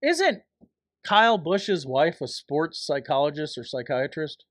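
A man's voice: on the high side, sing-song, measured pace, a bit bright, no echo, clean studio sound. A man co-hosting a casual sports podcast, teasing his co-host with wild questions. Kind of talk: casual chat.

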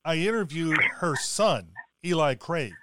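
Lively, bright-voiced male interviewer. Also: a little high, measured pace, a little hiss or hum. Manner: enthusiastic fan, lively questions. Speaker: podcast host. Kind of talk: casual interview chat.

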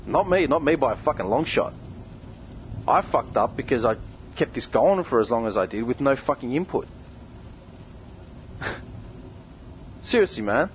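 A man's voice: medium pitch, lively intonation, moderate pace, long pauses, a little hiss or hum, poor audio. A young man who co-hosts a podcast, delivering a heated, confrontational rant full of swearing. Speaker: podcast co-host. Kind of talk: angry direct-address rant.

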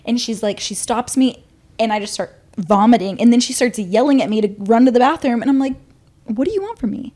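A woman's voice: fairly high pitch, fairly quick, a little mellow. A young woman co-hosting a podcast, telling a school story in casual chat with lots of laughs. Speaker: podcast co-host.

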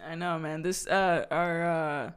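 A young woman co-hosting a casual podcast, chatty, full of fillers and quick laughs. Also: deep voice, steady tone, clear, resonant tone. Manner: chatty, laughs often, many fillers and restarts. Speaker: podcast co-host. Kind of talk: casual chat.

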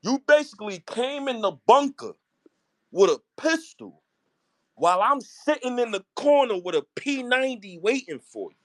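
A man's voice: very high voice, moderate pace, no room sound. A man hosting an online audio space, talking heatedly and profanely in casual chat. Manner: animated, profane, teasing. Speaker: host of a fan audio space.

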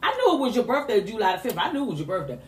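A woman telling an emotional family story in a lively, animated way, acting out the other people's lines. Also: mid-range voice, very fast, reverberant, a little hiss or hum. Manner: lively, animated retelling with voiced quotes. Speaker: mother telling her story.

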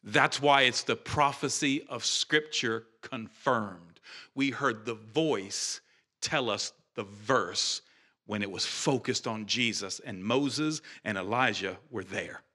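A man preaching a sermon in an animated, conversational way, restarting phrases and rising in pitch and volume for emphasis. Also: slow pace. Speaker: pastor.

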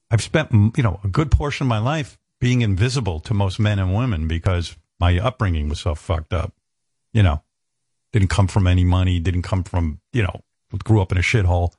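A middle-aged radio host talking candidly, blunt and profane, self-deprecating. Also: male voice, low voice, lively intonation, moderate pace, a little mellow, slightly rough, no room sound, studio quality. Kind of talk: candid on-air talk.

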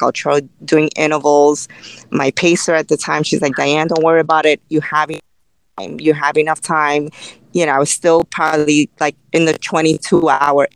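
A woman telling a long race story in a podcast interview, animated and full of fillers, acting out what people said to her. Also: sits low, creaky, dry recording, rough recording. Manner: animated, tells the story through quoted dialogue with many fillers. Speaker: race director and ultrarunner guest.

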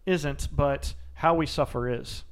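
A man's voice: a little high, slow pace, smooth. Emphatic man talking about toughness. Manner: earnest, emphatic and coaching. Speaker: guest, former Navy SEAL and mental coach. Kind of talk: interview answers, storytelling.

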